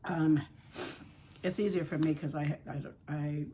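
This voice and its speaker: A woman's voice: sits low, steady tone, a little slow, dark tone, slight background noise. A woman chatting casually while painting reborn dolls at her home craft table, rambling and fond. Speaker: reborn doll artist and channel host.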